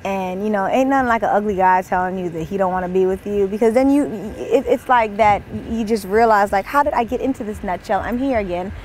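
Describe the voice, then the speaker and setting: A woman, delivering an animated, exasperated comic rant as a monologue. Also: medium pitch, a little fast, few pauses, a little hiss or hum. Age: 20s. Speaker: comedian.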